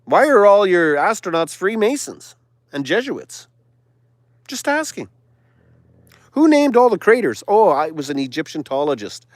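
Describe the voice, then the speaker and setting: A man hosting a live stream, delivering a sarcastic, preachy monologue that now and then drops to a hushed whisper. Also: high voice, big pitch swings, a little slow, pauses often, no room sound, clean studio sound. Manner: sarcastic, mocking asides; preachy, sermon-like exhortation.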